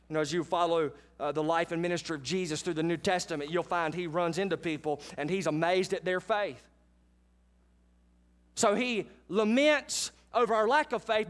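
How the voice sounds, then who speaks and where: A man, preaching a sermon in a church with animated, folksy asides to his congregation. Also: high voice. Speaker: pastor. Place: church sanctuary.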